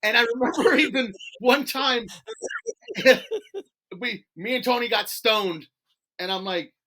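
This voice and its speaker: A man guesting on a talk show, telling stories in a casual, animated way, swearing, laughing and acting out quotes. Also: high-pitched, a little slow. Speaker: podcast guest. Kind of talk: casual storytelling interview.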